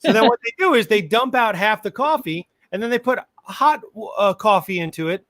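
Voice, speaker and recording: A man's voice: high-pitched, animated, normal speed, a bit bright, no room sound, studio quality. A man from New York co-hosting a music podcast, telling wry, rambling stories in casual chat. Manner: wry, rambling anecdotes with mild cursing. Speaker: podcast co-host.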